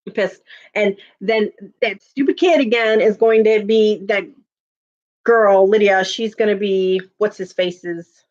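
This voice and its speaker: A woman's voice: medium pitch, steady tone, unhurried, darkish tone, highs cut off. A woman hosting a casual livestream, chatting with viewers, venting and laughing often. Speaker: livestream host reading chat.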